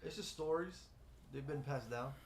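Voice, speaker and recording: A man on a casual podcast chat, making teasing quips and sometimes dropping into a hushed aside. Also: medium pitch, normal speed, crowd noise. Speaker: podcast co-host.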